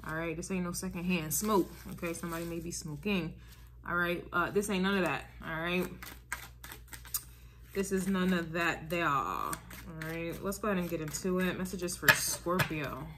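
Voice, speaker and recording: A woman's voice: on the low side, normal speed, a bit bright, slight background noise. A woman giving a casual tarot reading to her viewers, emphatic and repetitive, often checking in with "all right?" and "okay?". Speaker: tarot reader.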